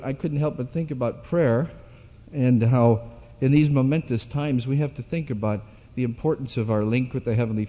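A man preaching a sermon at a church gathering, speaking haltingly with many fillers and restarts. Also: mid-range voice. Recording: dull lo-fi hall recording.

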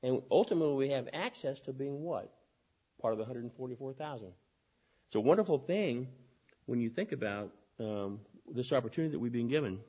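A man preaching a sermon, talking fast and often restarting his phrases. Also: mid-range voice, animated, dark tone, slightly rough, dull audio.

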